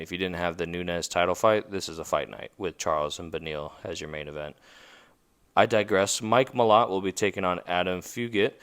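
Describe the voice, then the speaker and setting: A man's voice: low-pitched, fairly bright tone. A man hosting a podcast, talking casually and rambling through a fight preview with lots of fillers and self-corrections. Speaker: podcast host.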